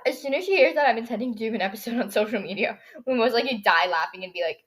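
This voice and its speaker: A woman's voice: fairly high pitch, lively intonation, very fast, hardly any pauses. A teenage girl hosting her own podcast, chatting casually with a dry, scratchy throat and rambling with lots of "like" in every sentence. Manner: chatty, rambling, heavy use of "like". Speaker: podcast host. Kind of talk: casual solo podcast chat.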